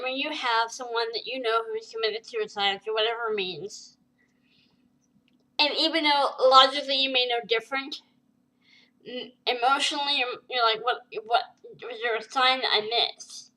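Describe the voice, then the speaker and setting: A woman with a bright, fairly high voice tells a personal story straight to camera. She speaks haltingly, full of fillers and restarts, and her emotion shows through. It is a vlog in her own voice. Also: rough recording. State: tearful at times. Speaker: vlogger.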